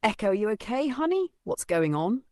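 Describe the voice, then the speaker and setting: A woman's voice: mid-range voice, very animated, normal speed, a little mellow, no room sound, clean studio sound, voice pushed up, lightly acted. A man voicing a blunt but caring young woman friend in a storybook reading. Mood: concerned.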